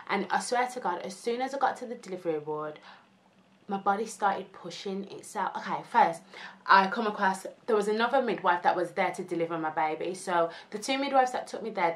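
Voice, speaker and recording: Young woman, lower voice, animated story time, acts out the people she quotes. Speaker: vlogger.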